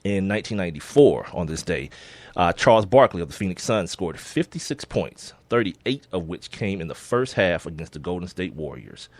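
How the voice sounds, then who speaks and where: A laid-back man co-hosts a sports podcast, his low voice close to the mic and dry. He speaks, chuckling as he works through the day's listings. His delivery is loose and unhurried. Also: big pitch swings, dry recording. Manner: laid-back, laughs often, reads listings with slips. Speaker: podcast co-host. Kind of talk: casual sports podcast chat.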